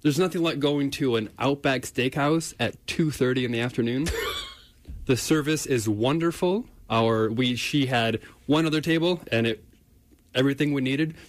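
A man's voice: medium pitch, wildly swooping pitch, normal speed. A man in his thirties co-hosting a talk show, chatting casually. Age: 30s. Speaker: radio co-host.

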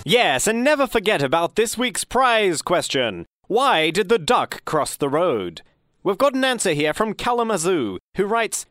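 A man hosting a comedy fact show in a deadpan, pompous mock-radio manner. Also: high-pitched, measured pace.

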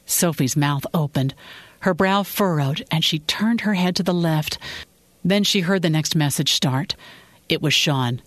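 A woman narrating her own fiction podcast in an even, measured storytelling manner. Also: sits low, no echo. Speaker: author and narrator.

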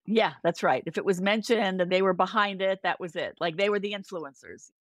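An older woman chats as a podcast guest, spinning stories with lively swings in her voice and quick impressions of the people she quotes. Her voice sits mid-range for a woman. The sound is close and dry, with no room around it. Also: no echo. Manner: animated, acts out quoted voices with big pitch jumps. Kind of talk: casual storytelling chat.

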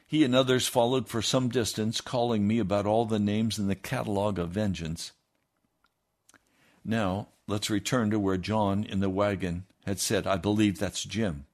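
A man reading a first-person memoir aloud in a steady storytelling manner. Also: lowish voice, moderate pace. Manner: steady storytelling with lively acted quotes. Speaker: reader.

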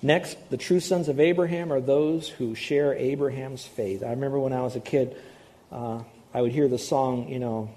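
A man's voice: medium pitch, fairly even intonation, normal speed, warm tone. A man preaching a sermon as a pastor, conversational, repeating key words for emphasis. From Hawaii.

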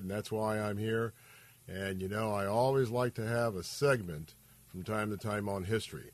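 An upbeat man hosts a radio talk show into a studio mic, and he sounds energetic and enthusiastic. The recording is dry and close, with no room sound around his mid-pitched voice. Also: no room sound. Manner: energetic, upbeat, some fillers. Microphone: studio microphone.

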